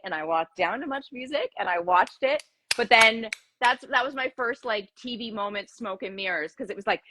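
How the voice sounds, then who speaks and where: A woman hosting a casual group chat online, animated as she tells stories and acts out her own reactions. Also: medium pitch, normal speed, dry recording. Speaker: livestream host.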